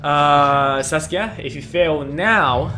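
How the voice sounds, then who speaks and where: A man acting as game master, giving brisk rulings and quick explanations of the rules. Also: fairly high pitch, over music. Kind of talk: running a tabletop game.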